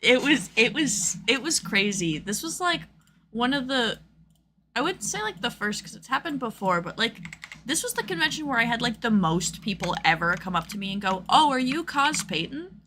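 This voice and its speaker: A woman's voice: fairly high pitch, expressive, moderate pace, sharp tone, slight background noise. A young woman streaming, chatting casually with lots of fillers and acted-out quotes. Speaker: streamer host.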